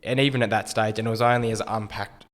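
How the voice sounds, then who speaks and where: An Australian man in his thirties, a retired rugby league player, telling his story in a relaxed, understated way with frequent ums. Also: on the low side, quick pace, in a large hall. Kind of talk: casual interview storytelling.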